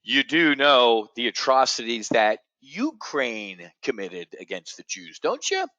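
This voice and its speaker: A middle-aged man hosting an options trading show, ranting in a blunt, profane, sarcastic way that swings from low muttering to loud outbursts. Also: slow, no echo, muffled recording. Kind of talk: ranting monologue.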